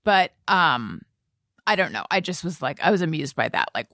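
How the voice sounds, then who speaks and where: A woman's voice: low-pitched, big pitch swings, moderate pace, fairly bright tone, no echo, studio quality. A woman hosting a podcast, chatting casually and telling amused stories. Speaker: podcast host. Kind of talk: casual chat.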